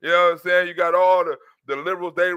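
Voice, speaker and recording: A man hosting his own channel, his voice slightly sore after a cough, talking loosely and crudely in an animated rant to his viewers. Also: high voice, fast talker, clear, resonant tone, dry recording, muffled recording. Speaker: channel host. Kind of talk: casual political rant to viewers.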